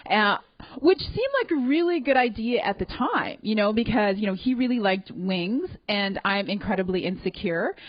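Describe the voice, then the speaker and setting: A woman's voice: medium pitch, no echo, dull audio. A young woman with a Canadian accent doing a self-deprecating stand-up comedy set on a club stage, chatty and full of fillers. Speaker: stand-up comic.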